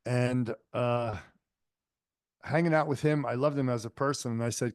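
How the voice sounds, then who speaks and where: A male healing teacher tells stories in a loose, conversational way, filling pauses with small fillers. His voice sits at an ordinary middle pitch. The sound is dry and close, recorded for an online lecture. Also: fairly even intonation, dry recording. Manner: conversational, anecdotal, frequent fillers. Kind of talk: storytelling lecture. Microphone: online lecture microphone.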